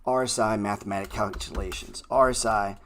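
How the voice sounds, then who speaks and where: A man's voice: on the low side, steady tone, a little fast, a bit bright, a little hiss or hum. A man hosting a trading livestream, ranting bluntly and swearing heatedly from his computer. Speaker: trading show host.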